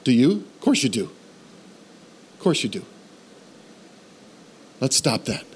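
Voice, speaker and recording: Slight background noise accompanies this medium-pitched male preacher. He shares an amusing story about himself in an animated way, laughing at his own foibles, and works up to a fervent call to faith.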